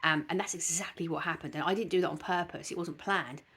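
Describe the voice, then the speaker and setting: A woman's voice: lowish voice, steady tone, fast talker, a bit bright, husky. A woman hosting a dog channel, talking earnestly and from the heart to her viewers, with frequent hesitations. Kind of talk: casual vlog talk to camera.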